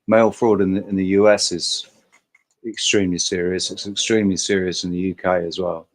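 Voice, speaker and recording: A man's voice: deep voice, flat delivery, brisk. A man hosting a casual livestream chat, talking emphatically in a rambling way and swearing freely. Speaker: host.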